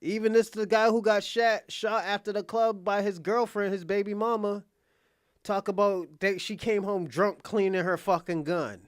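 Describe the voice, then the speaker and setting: A man's voice: sits high, steady tone, moderate pace, clear, resonant tone, dry recording, studio quality. A man speaking in a blunt, profane casual rant to his viewers as an online commentator, often insisting that he is being honest and laughing between lines.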